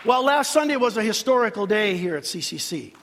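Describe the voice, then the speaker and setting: Older male pastor, sermon, lively swooping pitch, drawn-out dramatic pauses. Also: a crowd in the background, background noise. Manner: dramatic preaching with long pauses and sudden rises. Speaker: senior pastor. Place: church sanctuary. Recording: reverberant church hall.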